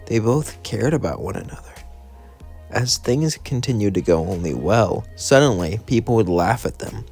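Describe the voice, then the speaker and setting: A man's voice: on the low side, lively intonation, normal speed, darkish tone, husky, soft background music. A man casually narrating a fan story in a rambling, hesitant way. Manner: rambling, hesitant with "well" and "as then".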